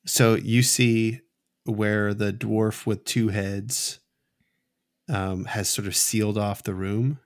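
A man narrating as game master of a tabletop game, telling the scene slowly with halting restarts. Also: on the low side, steady tone. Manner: slow, halting storytelling with many restarts.

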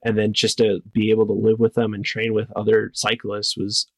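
A young man from northern Wisconsin, a cyclist, answering interview questions in a relaxed way with lots of "like". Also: lowish voice, fairly quick, gravelly, dry recording. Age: young adult. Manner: relaxed, many "like" fillers. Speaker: cyclist guest.

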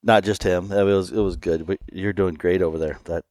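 A man's voice: sits low, brisk, no echo, studio quality. Laughing man telling a story. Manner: animated storyteller who laughs often. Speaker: podcast host. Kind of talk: casual chat, storytelling.

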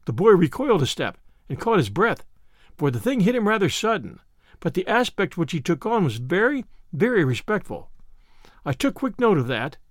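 A man reading a first-person audiobook narration in an expressive way. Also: high voice, moderate pace, no room sound, clean studio sound.

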